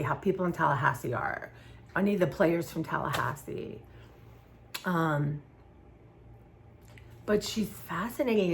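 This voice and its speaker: A woman's voice: on the low side, slight background noise. A woman from southern Maryland chatting casually to her viewers while she paints, rambling and trailing off mid-sentence. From southern Maryland, USA. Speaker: YouTuber.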